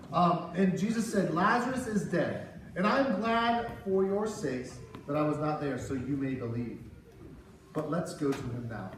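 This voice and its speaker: Kids' pastor, man, animated storyteller, higher voice; recorded far off in a roomy hall with noise. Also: normal speed. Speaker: children's pastor. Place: church hall. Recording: echoey hall, far from the mic, with background noise.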